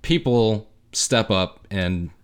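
Deep-voiced stuffy man telling a story. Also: slow pace, clean tone. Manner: loose, profane storytelling with frequent "um"s. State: stuffy nose. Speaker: podcast co-host. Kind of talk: casual chat retelling history.

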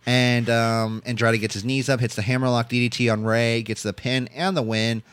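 A man co-hosting a podcast, giving a rambling, animated wrestling recap full of fillers and swearing. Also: medium pitch, normal speed, clear, resonant tone, no room sound. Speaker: podcast co-host. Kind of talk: casual wrestling recap chat.

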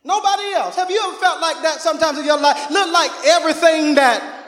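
A man preaches from the pulpit, his voice pitched very high and ringing through a roomy, echoing church. He shouts out to the congregation, laughs, and tells his story with lively preaching energy. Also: fairly quick. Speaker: pastor. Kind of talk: sermon. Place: church sanctuary. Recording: echoey hall.

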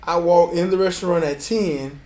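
Animated, profane male storyteller. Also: high voice, normal speed. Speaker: podcast co-host. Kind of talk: casual storytelling chat.

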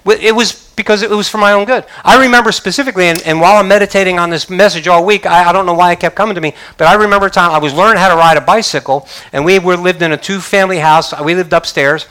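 A man's voice: high-pitched, fairly bright tone, smooth. An older man preaching a sermon as pastor, emphatic, with frequent hallelujahs. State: choked up.

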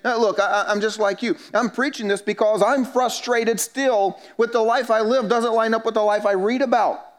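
A man's voice: high-pitched, fairly even intonation, moderate pace, few pauses. A man, a pastor preaching a sermon in a church and telling stories with self-mocking humor. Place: church sanctuary.

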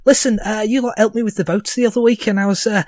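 Brash Scouse male politician, chummy, rambling, pitched up high, as a game master puts him on. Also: fairly even intonation, fast, darkish tone, dry recording, clean studio sound, natural voice.

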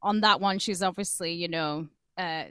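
A woman's voice: on the low side, normal speed, bright, forceful tone, smooth, no room sound, studio quality. A woman co-hosting a podcast, chatting casually and telling a true-crime story with jokes and quotes read aloud. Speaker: podcast co-host.

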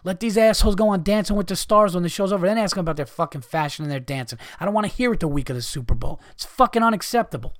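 Guy ranting on his podcast, swearing a lot, kinda high voice, dry close sound. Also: expressive, very fast, hardly any pauses, no room sound. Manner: profane, exasperated ranting with mocking mimicry. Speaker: podcast host. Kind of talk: ranting monologue.

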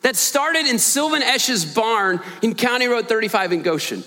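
A man as guest preacher giving an earnest, animated storytelling sermon in a church, with joking asides to the congregation. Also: extremely high pitch, normal speed, big-room sound. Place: church sanctuary.

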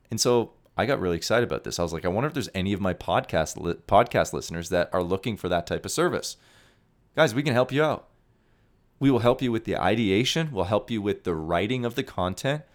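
Low-voiced excitable male podcast host. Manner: excitable and salesy, drops to mumbled asides. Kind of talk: energetic solo podcast monologue.

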